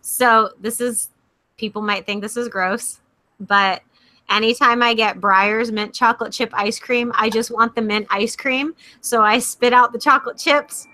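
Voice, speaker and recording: A woman's voice: on the high side, unhurried. A young woman co-hosting a podcast, telling stories in casual chat with lots of laughs. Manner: animated, laughing storyteller. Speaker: podcast co-host.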